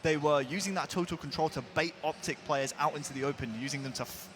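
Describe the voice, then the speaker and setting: A man with a slightly raised voice talks through match highlights at length, stacking detail on detail. He restarts his sentences now and then as he builds his point. Steady background noise runs under his voice. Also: quick pace. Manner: talkative, thorough breakdowns with frequent restarts. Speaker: esports analyst. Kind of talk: analysis desk chat.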